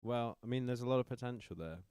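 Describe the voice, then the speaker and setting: A man's voice: medium pitch, fast talker, a little mellow, clean tone, no room sound, studio quality. A man co-hosting a podcast, laid-back, answering in short remarks. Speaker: podcast co-host. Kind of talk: casual chat.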